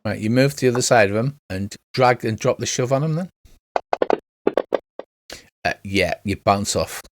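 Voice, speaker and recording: A man narrating and running a tabletop game online as game master, in a brisk, dry, bantering way. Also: on the low side, very noisy.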